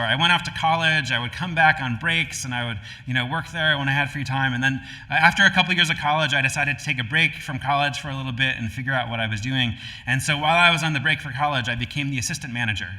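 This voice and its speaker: Bright-voiced male pastor in a reverberant hall. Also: medium pitch. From Connecticut, USA. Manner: relaxed, conversational, with frequent fillers and restarts. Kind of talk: storytelling sermon. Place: church sanctuary. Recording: live-streamed hall with long reverb.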